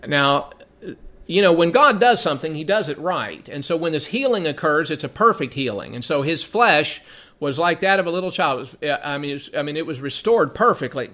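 High-voiced man teaching scripture. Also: expressive, fairly quick, pushed and bright. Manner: explains verse by verse, reading passages then commenting; repeats words while thinking. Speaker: Bible teacher.

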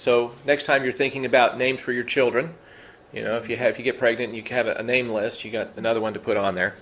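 A man teaching a Bible study in a relaxed, conversational way, slowing down to explain Hebrew words and asking the listeners questions. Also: mid-range voice, muffled recording, a little hiss or hum.

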